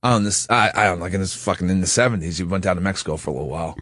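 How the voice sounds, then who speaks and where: A man's voice: low-pitched, racing, a bit bright, dry recording. A young man in casual studio chat, talking hesitantly with lots of fillers.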